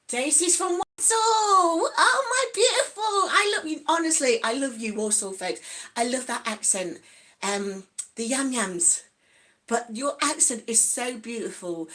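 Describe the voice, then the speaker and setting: A chatty, giggly woman with an East Midlands accent, talking casually to viewers and reading out their comments. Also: fairly high pitch. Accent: East Midlands English. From Nottingham, England. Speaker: vlogger. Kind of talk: casual livestream chat.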